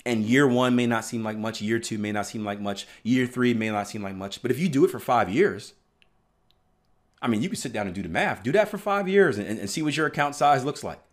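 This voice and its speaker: A man's voice: medium pitch, expressive, a little fast. Male trading coach, emphatic motivational delivery with frequent "right?" check-ins. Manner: emphatic, repeats "right?" often, bursts of loud stress. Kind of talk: motivational teaching talk.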